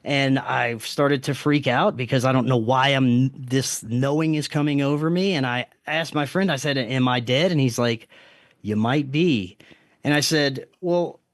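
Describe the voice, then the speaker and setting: A man's voice: mid-range voice, a little slow, no echo. A man, a podcast guest, earnestly retelling a strange experience with restarts and quoted self-talk. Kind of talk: storytelling in casual interview.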